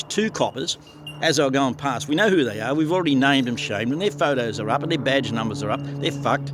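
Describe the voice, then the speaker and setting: A man's voice: medium pitch, a bit bright, a little hiss or hum. An older man with an Australian accent delivering a blunt, profane, heated ranting monologue as a vlogger.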